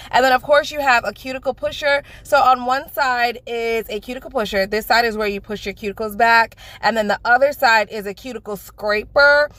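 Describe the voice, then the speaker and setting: A woman from the Bronx, loudly and gushingly unboxing a nail kit in a sing-songy voice. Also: a little high, dry recording. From the Bronx, New York. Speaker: nail beauty vlogger. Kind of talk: excited product unboxing.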